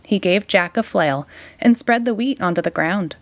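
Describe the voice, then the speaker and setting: A woman reading a children's picture book aloud in an expressive, sing-song way. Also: medium pitch, normal speed, no echo. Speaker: storytime reader.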